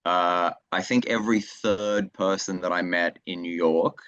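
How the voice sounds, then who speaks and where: A man's voice: low-pitched, steady tone, unhurried, fairly bright tone, clean tone, no echo, muffled recording. A young man with an Australian accent, a comedian chatting casually as a guest and telling stories with many restarts. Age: young adult. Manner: rambling storyteller with many restarts. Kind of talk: casual interview chat.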